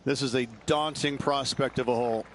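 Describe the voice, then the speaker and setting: Man, mid pitch, relaxed chatty golf analyst who laughs easily. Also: brisk, slight background noise. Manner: chatty and easygoing, laughs often. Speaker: golf color commentator. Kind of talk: studio golf commentary.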